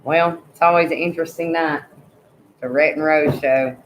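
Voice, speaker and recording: A woman's voice: low voice, steady tone, normal speed, reverberant, slight background noise, poor audio. A woman hosting a casual live stream, loose and swearing freely while she chats with viewers and fusses over her pets. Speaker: livestream host.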